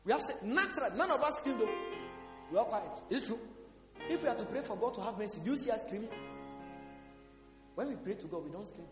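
A male pastor preaching a sermon, asking the congregation questions and breaking into sudden shouts. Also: sits high, lively intonation, fast, long pauses. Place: church hall. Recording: echoey hall with faint music.

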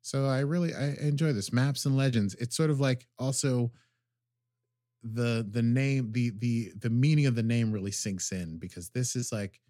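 A man's voice: mid-range voice, normal speed, warm tone, dry recording, clean studio sound. A man co-hosting a casual review chat, reading out quotes with over-dramatic flair. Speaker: podcast co-host.

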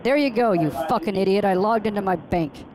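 A woman's voice: mid-range voice, fairly quick, crowd noise, rough recording. A woman on a prank call, berating a phone scammer with mocking, profane insults.

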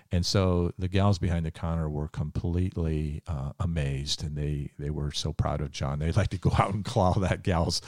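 A man's voice: low voice, darkish tone, no room sound, clean studio sound. A man from Ohio, a pastor and podcast host, telling a story in an earnest, emphatic preaching way with frequent filler words.

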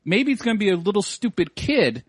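Ranting high-pitched man, swearing. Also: very animated, fairly quick, slightly rough, no echo, clean studio sound. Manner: profane, ranting, emphatic. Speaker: podcast co-host. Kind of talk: casual podcast rant.

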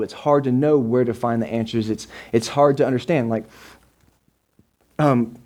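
A man's voice: medium pitch, a little mellow. A man preaching a sermon to a live congregation, talking casually, repeating words and often asking "right?". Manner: conversational, repeats words, keeps checking in with the congregation. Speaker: pastor. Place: church service with a live congregation.

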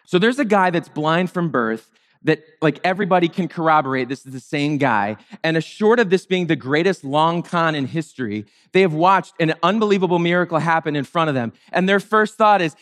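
A man delivers a sermon in a casual, wry tone, with a voice pitched high for a man. He slips into playful voices to act out the people in the story. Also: expressive, a little fast, a bit bright. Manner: conversational, wry, acts out the characters in playful higher voices. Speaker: pastor.

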